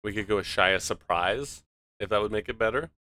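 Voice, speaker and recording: A man's voice: lowish voice, a little fast, pushed and bright. A man playing as a game show contestant, joking with cocky confidence in casual banter.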